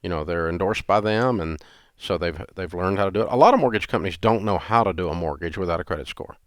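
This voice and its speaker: A man's voice: deep voice, fast, no room sound, clean studio sound. A man in his sixties hosting a call-in advice show, talking in a blunt, folksy and sarcastic way and acting out quoted voices. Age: 60s. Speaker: radio show host.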